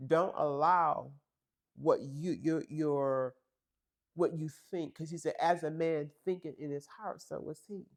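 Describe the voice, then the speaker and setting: A woman's voice: low voice, fairly even intonation, slow. A woman hosting a faith-based podcast, giving an emphatic motivational talk to women listeners with lots of repetition and direct address. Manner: preachy and emphatic, repeats phrases for emphasis; talks straight to women listeners, calls them girl and honey. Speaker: podcast host.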